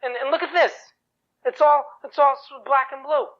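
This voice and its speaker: A man's voice: very high-pitched, steady tone, normal speed, dull audio, voice pushed up. A man voicing a frightened young child who stammers. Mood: scared.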